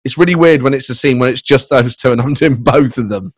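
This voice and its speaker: A man's voice: mid-range voice, breathy edge, no room sound. Man chatting dry and close from home. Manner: rambling, self-interrupting, with quick bursts of put-on voices. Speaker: comedy writer and voice performer. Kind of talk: casual interview chat. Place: home spare room. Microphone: microphone on a laptop.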